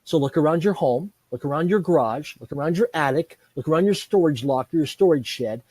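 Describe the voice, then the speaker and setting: A man's voice: fairly high pitch, fairly quick, husky, no room sound. A middle-aged man who is a business trainer, talking energetically in an interview, running through lists and acting out conversations. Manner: energetic, repetitive lists, acts out dialogue. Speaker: guest speaker, business trainer. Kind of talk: animated interview storytelling.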